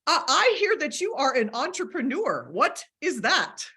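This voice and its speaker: A woman's voice: sits high, very animated, measured pace, sharp tone, pitched above the performer's own voice, exaggerated voice. A woman voicing a goofy alien visitor from space who warbles, hoots and hums in a sing-song way. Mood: playful. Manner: warbling, hooting and humming.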